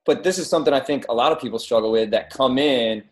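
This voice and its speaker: A man with a mid-range voice leads a supportive group talk as a team coach. He probes gently and says "like" often. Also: mid-range voice, quick pace.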